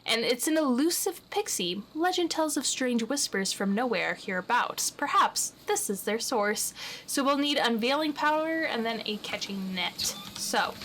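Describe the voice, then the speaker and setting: A woman's voice: on the high side, a little slow, slight background noise. A woman playing a video game and reading its text aloud with playful, casual commentary. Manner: playful, giggly, relaxed. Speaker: let's play gamer. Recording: chill music playing behind.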